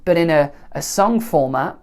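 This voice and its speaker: A woman teaching songwriting in a relaxed, conversational way, often pausing to check in with the listener. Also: sits low. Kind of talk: spoken songwriting lesson to camera.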